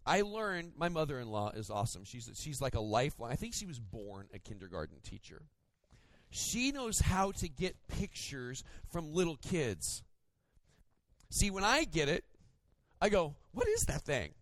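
A male pastor preaches with a high, very lively voice that leaps up and drops low. He tells stories with playful mimicry. The sound is close and dry. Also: normal speed, dry recording. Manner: animated storytelling with playful mimicry. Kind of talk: sermon.

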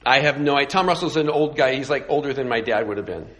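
A man's voice: medium pitch, fast talker, a bit bright. A middle-aged man from California, a pastor telling a story in a sermon with a flippant, self-mocking, sarcastic manner. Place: church sanctuary. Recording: echoey hall reverb.

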